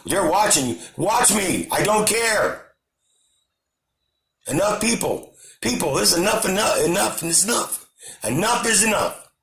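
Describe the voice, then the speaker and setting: A man's voice: sits high, expressive, measured pace, vocal fry, long pauses, roomy sound. A man hosting his own channel, delivering an impassioned, repetitive political rant to camera. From United States. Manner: impassioned, repetitive, shouting at times. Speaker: channel host.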